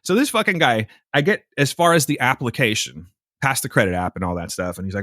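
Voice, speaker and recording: Swearing plenty, a podcast co-host tells an animated story in a casual, exasperated tone. His mid-range voice runs a little fast, and the clean studio recording has no echo.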